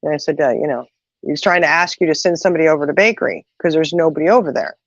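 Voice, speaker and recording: Talking very fast in a low voice, a middle-aged woman hosts a casual conversation, spinning everyday stories with plenty of lively digressions. The sound quality is dull and a little muffled.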